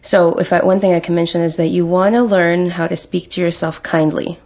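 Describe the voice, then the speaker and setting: Low gravelly woman coaching gently. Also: flat delivery, fairly quick. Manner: encouraging, coaching tone. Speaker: guest coach. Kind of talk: casual motivational chat.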